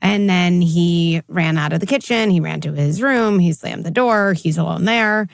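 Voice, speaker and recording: A middle-aged woman psychologist giving candid interview answers, animated when she acts out what others say. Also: fairly low pitch, moderate pace, gravelly, no room sound, studio quality. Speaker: psychologist guest.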